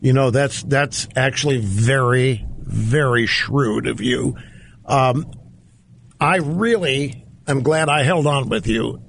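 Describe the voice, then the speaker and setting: A man's voice: mid-range voice, gravelly, slight background noise. A man hosting a call-in radio talk show, emphatic and incredulous as he talks with callers. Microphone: studio microphone.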